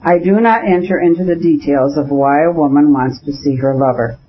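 A man's voice: brisk, husky. Man reading a cold, stern aristocratic husband. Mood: cold anger. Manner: cold, contemptuous, shrill when angry. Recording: dull lo-fi audiobook recording.

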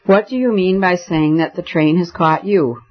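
Firm dry gentleman, man reading a story, restrained, slightly high, muffled lo-fi recording. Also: normal speed. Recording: dull lo-fi audiobook recording.

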